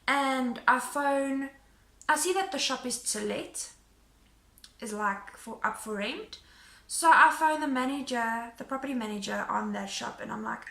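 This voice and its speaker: A woman vlogger telling a story in a casual, animated way, acting out what people said. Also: mid-range voice, creaky, reverberant. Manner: animated retelling, acting out quotes.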